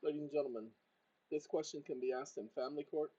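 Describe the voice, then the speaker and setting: A man hosting his own channel, giving spoken commands to a voice assistant and walking viewers through a document on screen, switching between loud orders and quiet asides. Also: fairly even intonation, quick pace, breathy edge, dull audio. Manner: talks to a voice assistant in bursts, then explains to viewers; shouts commands, then drops to a low aside. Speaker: channel host. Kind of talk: casual screen-share walkthrough.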